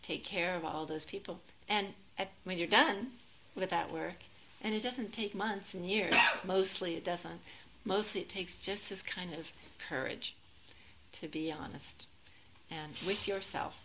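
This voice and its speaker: A woman teaching as a Zen teacher in a relaxed, reflective dharma talk, gently self-deprecating and sometimes laughing. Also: on the low side, measured pace, a little hiss or hum, low-quality recording.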